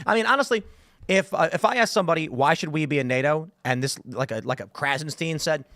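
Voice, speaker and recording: A man in his thirties, hosting a casual political talk show, talks at a rapid clip in a slightly raised voice. He acts out the people in his stories as he goes. The studio sound is dry and close. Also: a little high, dry recording. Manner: animated storyteller, acts out quotes. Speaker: podcast host.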